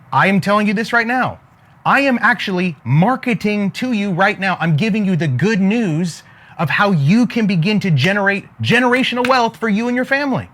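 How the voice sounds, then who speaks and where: A man's voice: high voice, fairly bright tone. A man giving a preachy, emphatic motivational talk to camera as a faith-based business coach, with a sermon-like cadence and frequent asides to his listeners.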